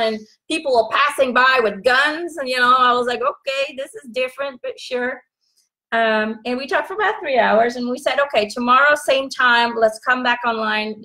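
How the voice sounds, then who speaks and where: A woman in her thirties telling a personal story in a casual live chat, animated and laughing often. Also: a little high. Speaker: vlog host.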